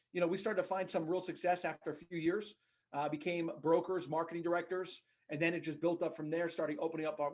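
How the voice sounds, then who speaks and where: Fast-talking New Jersey man. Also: fairly high pitch. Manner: fast, earnest storytelling. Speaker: podcast guest, agency executive. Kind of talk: casual podcast interview.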